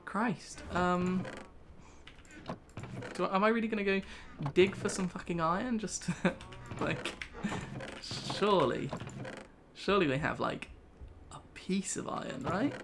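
A man's voice: high voice, unhurried, long pauses, noisy background. A young British man hosting a casual gaming video, rambling through a story with laughs. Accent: British English. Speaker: gaming channel host. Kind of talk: casual let's play chat.

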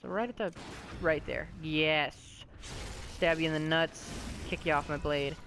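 A man's fairly bright, high voice holds a steady tone at a slightly slow pace during his let's-play commentary. Jokey and self-mocking, he rambles and curses at enemies, sounding a bit hoarse after talking all day, with a faint hiss or hum.

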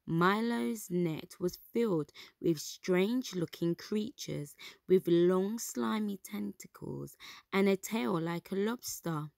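A woman reading a storybook aloud to children, gentle and expressive. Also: mid-range voice, slow, gravelly, no room sound, studio quality.

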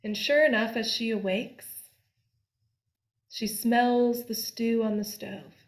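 A woman telling a folk tale aloud in a slow, deliberate, expressive way. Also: fairly high pitch. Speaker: storyteller. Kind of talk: storytelling.

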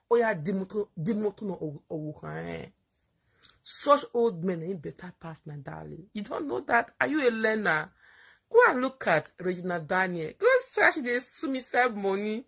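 A woman's voice: mid-range voice, sing-song, moderate pace, breathy edge. A woman speaking Nigerian Pidgin English, ranting on a casual live stream, emphatic and scolding, repeating herself and laughing as she goes. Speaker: social media commentator.

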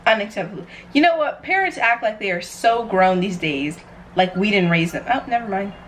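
Young woman, sassy cooking vlog chat, dramatic asides, mid pitch, faint background noise. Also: lively intonation, fairly quick, a bit bright. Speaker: vlogger.

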